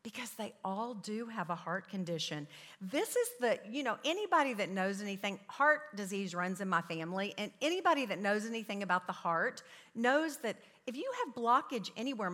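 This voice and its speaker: A woman's voice: mid-range voice, sharp tone. Woman, 50s, Christian parenting talk, chatty storytelling, long echoing hall reverb. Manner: chatty storytelling with self-mocking asides. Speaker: parenting class teacher speaking to parents.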